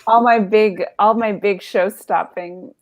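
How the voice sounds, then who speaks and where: A woman's voice: medium pitch, steady tone, takes it slowly. Woman in her 30s telling a funny story, rambly, lots of ums and laughs at herself. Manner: rambling, self-deprecating, lots of fillers and laughs. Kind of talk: casual comedic storytelling.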